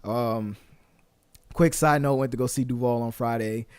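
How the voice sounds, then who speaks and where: A man in his late twenties hosting a casual solo podcast, talking earnestly with lots of fillers and restarts, his voice a little hoarse. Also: medium pitch, fairly even intonation, moderate pace, darkish tone, no room sound. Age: 20s. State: slightly hoarse voice. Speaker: podcast host.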